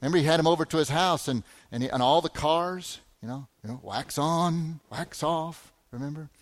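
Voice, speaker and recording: A middle-aged man preaching a sermon, animated, full of rhetorical questions and repeated words. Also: fairly high pitch, quick pace. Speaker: pastor.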